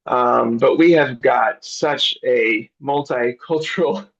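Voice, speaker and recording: A man's voice: mid-range voice, slow pace, gravelly, fairly bright tone, lo-fi sound. A middle-aged man, a missionary director, chatting easygoingly in an interview over a video call. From grew up abroad as a missionary kid. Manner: easygoing, chuckles often.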